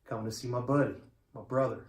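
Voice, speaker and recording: A man's voice: mid-range voice, fairly even intonation, fast talker. Man in his forties giving a heartfelt eulogy. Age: 40s. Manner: heartfelt, quiet, conversational storytelling. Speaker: eulogist, friend of the deceased. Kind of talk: funeral eulogy, storytelling. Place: church sanctuary. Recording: roomy echo of a church.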